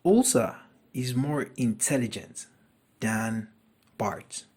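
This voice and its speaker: A man teaching a grammar lesson. He talks deliberately and repeats each example sentence twice. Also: medium pitch, darkish tone, husky.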